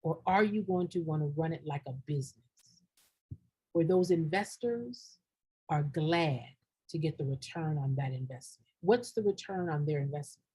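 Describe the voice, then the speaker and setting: A woman's voice: low-pitched, moderate pace, mellow, slightly rough. A middle-aged woman who coaches nonprofits, talking live to her audience in a direct, preachy way, repeating lines for emphasis and saying y'all and ain't. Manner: colloquial, says y'all and ain't. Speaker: nonprofit grant consultant. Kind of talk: live-streamed motivational talk.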